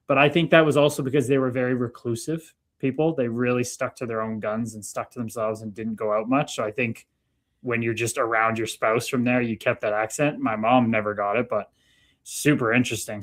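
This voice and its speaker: A man from Canada co-hosting a casual live stream, chatting in a relaxed way and reading viewer comments aloud. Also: mid-range voice. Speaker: co-host.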